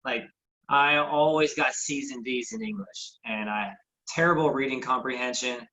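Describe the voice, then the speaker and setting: A man's voice: mid-range voice, lively intonation, moderate pace, pushed and bright, poor audio. A man hosting a casual fitness podcast, talking in a loose, rambling way with lots of restarts. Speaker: podcast host. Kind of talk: casual chat.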